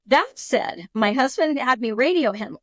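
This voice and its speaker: A woman in her fifties, a podcast guest telling a story in a lively, emotional way, with frequent restarts. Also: high voice, unhurried, dry recording. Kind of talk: casual storytelling.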